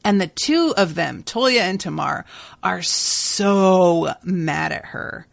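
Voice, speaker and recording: A woman's voice: lowish voice, animated, vocal fry, no room sound. A woman hosting a casual book-recap podcast, chatty with lots of fillers and reading passages aloud. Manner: chatty, with frequent "like" and "um" and hummed pauses. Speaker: podcast host.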